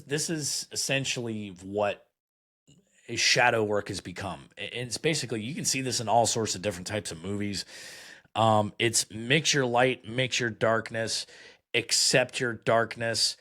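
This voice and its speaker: A man's voice: mid-range voice, a little slow, pushed and bright. A man hosting a podcast, giving blunt critical commentary as he reads card meanings aloud, sarcastic and full of fillers. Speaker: podcast host.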